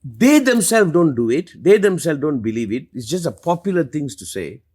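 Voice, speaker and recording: Husky, animated man teaching with passion. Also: moderate pace. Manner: emphatic, passionate, lively swings in pitch and loudness. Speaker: spiritual teacher. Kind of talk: live Q&A talk.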